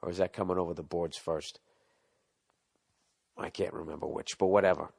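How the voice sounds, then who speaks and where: A man's voice: deep voice, steady tone, moderate pace, vocal fry, darkish tone, husky. A man hosting a podcast, delivering a rambling, profane, sarcastic comedic rant. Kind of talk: ranting comedic monologue.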